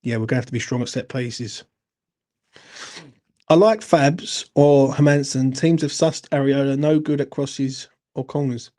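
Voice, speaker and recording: A man's voice: medium pitch, measured pace, dark tone. A man, hosting a live football fan stream and chatting bluntly to viewers while reading out their comments. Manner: blunt, sweary, chatty, addresses viewers as mate. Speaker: football fan channel host.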